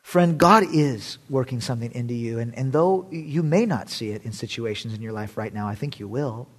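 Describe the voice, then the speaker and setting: This male pastor has a mid-range voice and a moderate pace. His sermon is built around storytelling, told in an animated, conversational way with self-deprecating jokes.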